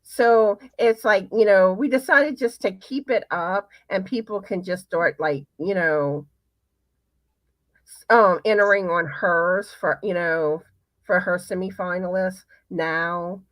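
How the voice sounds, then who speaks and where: A woman's voice: lowish voice, slow pace, fairly bright tone, no room sound. A woman hosting a live stream who chats in a rambling way and fills gaps with "like" and "you know.". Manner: chatty, rambling, full of fillers. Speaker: host. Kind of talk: casual live-stream chat.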